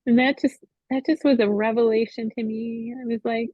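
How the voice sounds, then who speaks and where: A woman's voice: fairly high pitch, little pitch movement, slightly rough, dry recording. Emotional woman on a tinny line. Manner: emotional, halting, full of "you know". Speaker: Bible study member. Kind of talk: personal faith testimony. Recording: tinny phone-line sound, dry.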